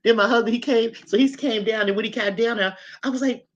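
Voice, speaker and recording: A woman hosting a livestream, chatting casually with viewers and telling animated, colloquial stories. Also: mid-range voice, fast talker, few pauses. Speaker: livestream host. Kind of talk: casual chat and storytelling to viewers.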